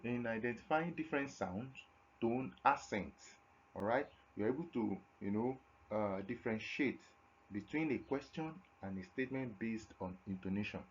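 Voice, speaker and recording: A man from Nigeria giving a classroom lecture on communication skills, asking the class questions and answering them himself, often repeating words for emphasis. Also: mid-range voice. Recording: dull lo-fi recording with faint noise.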